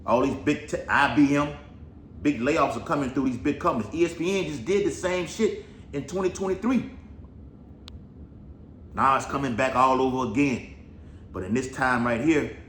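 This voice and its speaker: A medium-pitched man with a fairly bright tone gives rambling, offhand commentary on Bible prophecy. Swearing and a habitual "all right" fill his talk, and the room sounds echoey with some faint noise.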